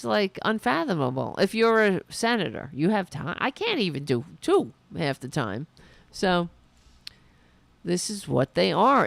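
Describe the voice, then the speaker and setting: A woman host delivers a political commentary rant with a heavily gravelly, fry-laden voice. She talks slowly and deliberately, with indignant, sarcastic jabs and plenty of profanity. The sound is dry and close, with no room around it. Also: mid-range voice, no room sound. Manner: mocking quoted voices. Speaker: podcast host.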